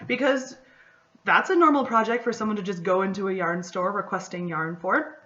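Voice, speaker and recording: A woman's voice: medium pitch, normal speed, pushed and bright, lo-fi sound. A woman, hosting a casual solo podcast and telling a story in a chatty way with lots of "like" and "you know". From Michigan, USA. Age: 20s. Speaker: podcast host.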